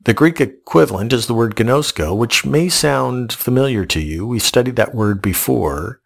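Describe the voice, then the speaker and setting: A man with a gravelly, creaky voice delivers a devotional sermon. He speaks in slow, measured phrases and repeats key words, often restarting mid-sentence. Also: medium pitch, animated. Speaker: pastor.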